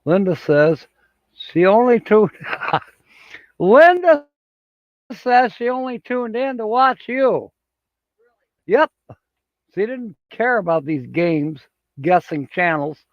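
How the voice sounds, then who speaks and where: A man's voice: fairly high pitch, dry recording, highs cut off. A man hosting a casual livestream, reading out viewer comments and chuckling often as he rambles along. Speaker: livestream host. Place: home studio with green screen.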